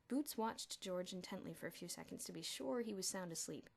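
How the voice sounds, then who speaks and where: A woman's voice: on the low side, animated, fairly quick, creaky. A woman narrating a children's novel as an audiobook, telling the story expressively. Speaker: audiobook reader.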